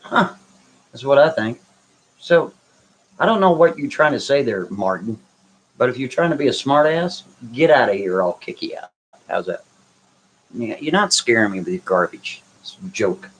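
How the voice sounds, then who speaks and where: A man's voice: mid-range voice, big pitch swings, moderate pace, long pauses, slight background noise, rough recording. A man hosting a live stream, answering viewers' comments in a blunt, brash, dismissive way. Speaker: livestream host reading chat. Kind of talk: casual live chat.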